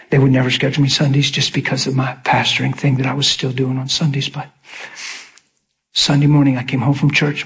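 A middle-aged male pastor preaching in storytelling style, acting out the voices of people he quotes. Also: medium pitch. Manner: animated, acts out quoted voices. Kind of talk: sermon storytelling.

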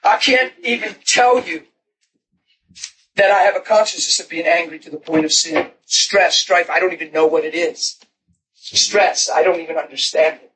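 A man with a high voice preaches his own testimony, telling the story with animation and breaking into laughs and shouts. He sounds set back from the microphone, and clear room noise sits under his voice. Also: normal speed. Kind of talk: testimony sermon. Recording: distant mic with noisy room ambience.

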